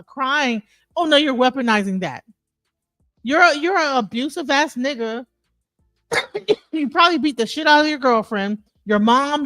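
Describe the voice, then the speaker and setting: Brief: woman defending herself in a heated online debate, high voice, dry sound. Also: sharp tone, no echo. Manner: indignant, insulting, repetitive restarts. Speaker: panel participant. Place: online audio space.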